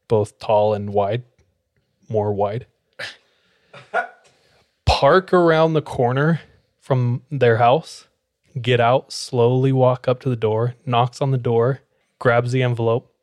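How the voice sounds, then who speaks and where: A man telling a story in casual conversation, animated and acting out the people he quotes. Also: mid-range voice, no echo, studio quality.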